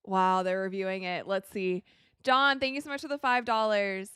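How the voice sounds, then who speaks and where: A woman hosting a live watch-along of a basketball game, reacting excitably to plays, crying out and laughing, and thanking viewers for donations. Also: medium pitch, normal speed, clear, resonant tone, no room sound, studio quality. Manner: thanks viewers for donations and answers their questions.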